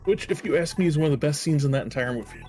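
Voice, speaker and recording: A man's voice: a little high, racing, a little mellow, faint music behind. Chatty male co-commentator, lots of fillers. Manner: chatty, hesitant, full of fillers. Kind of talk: casual game commentary.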